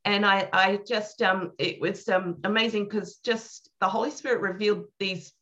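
A woman tells a prayer-ministry testimony as an animated, earnest storyteller in a mid-range voice. She acts out the lines she quotes. The recording sounds slightly dull and muffled. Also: medium pitch, moderate pace. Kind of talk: telling a personal ministry testimony.

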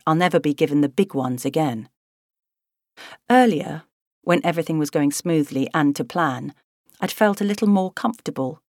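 A woman narrates a novel in the first person, measured and expressive. Her voice sits low, and the studio sound is close and dry with no room at all. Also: no room sound. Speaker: audiobook narrator. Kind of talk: scripted audiobook narration.

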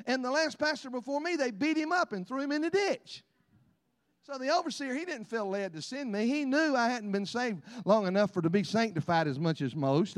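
A middle-aged man preaches in a notably high voice, spinning folksy stories and calling out amens. His words ring with long reverb through a large church. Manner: folksy storytelling with frequent amens and laughs. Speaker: pastor. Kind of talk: sermon.

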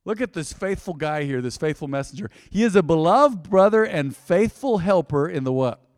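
A man's voice: a little high, animated, moderate pace, dry recording, clean studio sound, in a large hall. Joking, conversational male pastor preaching. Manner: conversational, joking, calls on the congregation to respond. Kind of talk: sermon. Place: church sanctuary.

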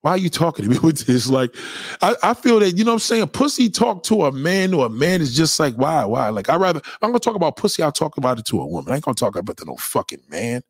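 A man's voice: fast, slightly rough, no echo, studio quality. A middle-aged man ranting bluntly and crudely while he answers viewer questions on a livestream. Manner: blunt, profane, animated, swings high and low in pitch. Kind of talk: crude casual rant.

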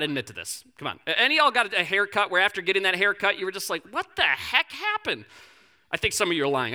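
Lively high-voiced young preacher man. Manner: lively storytelling with humor and quoted voices. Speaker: pastor. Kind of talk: sermon.

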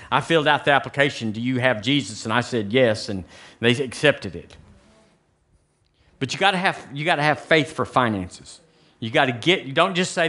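Preaching in a church sanctuary at a moderate pace, a middle-aged Southern American pastor with a mid-range voice delivers an animated sermon. His scripture lines build almost to shouting, while he jokes and chats with the congregation between them.

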